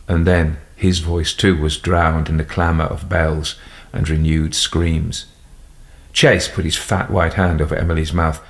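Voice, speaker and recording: Deep-voiced male audiobook narrator. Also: little pitch movement, measured pace. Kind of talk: scripted narration.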